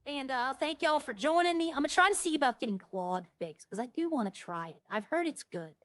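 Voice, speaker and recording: A woman's voice: high-pitched, expressive, brisk, a bit bright, dry recording, studio quality. A woman streaming a game, chatting casually with viewers and thinking aloud in a rambling way. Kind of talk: casual gameplay chat to viewers.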